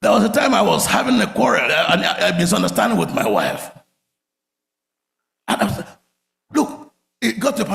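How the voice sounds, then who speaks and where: A man preaching a sermon, telling stories with big swings from loud outbursts to quiet murmurs. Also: high-pitched, normal speed, vocal fry, pauses often. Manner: animated storytelling, swings from shouts to murmurs. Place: church sanctuary. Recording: echoey church hall.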